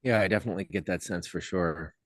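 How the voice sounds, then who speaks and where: A man, a guest on the show, speaking in a halting, reflective way with many fillers, over a video call. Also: deep voice, no room sound, studio quality. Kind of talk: heartfelt casual conversation.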